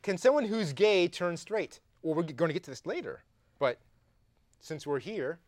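A man's voice: fairly high pitch, expressive, moderate pace, no room sound. A young adult man with a Canadian accent, hosting a live comedy talk show and playfully reading viewer tweets aloud. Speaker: host.

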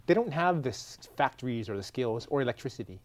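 A man's voice: mid-range voice, animated, fast talker, noisy background. A man co-hosting a casual show, joking and rambling, often trailing off mid-sentence. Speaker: podcast co-host. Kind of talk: casual chat.

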